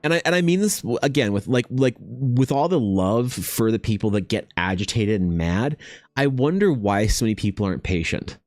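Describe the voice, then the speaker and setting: A man who streams and runs tabletop games, chatting casually with his viewers in a rambling, animated and profane way. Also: lowish voice, moderate pace, dry recording, clean studio sound. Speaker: streamer and dungeon master. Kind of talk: casual livestream chat.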